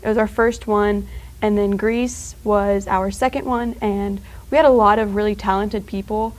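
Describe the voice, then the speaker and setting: A woman's voice: medium pitch, steady tone, poor audio. A teenage girl talking casually as a student guest, rambling with lots of fillers and small laughs. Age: teens. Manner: rambling, full of filler words and quick laughs. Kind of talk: casual chat.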